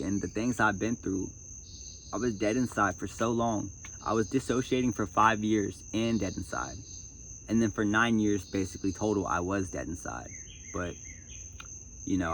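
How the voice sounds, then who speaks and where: A man with a low-pitched voice talks in a casual, emotional and preachy way, repeating himself as he reads from a self-help book. He is recorded outdoors at night. A faint hum of crickets and insects sits behind him. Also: a bit bright, rough recording. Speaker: vlogger reading a self-help book aloud. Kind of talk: casual spiritual talk with book reading.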